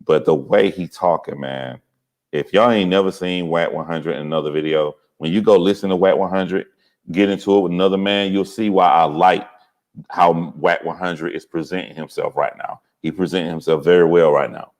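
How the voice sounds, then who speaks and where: A man giving casual, profane commentary on a video clip, moving from low muttering to excited shouting. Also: normal speed. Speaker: reaction commentator.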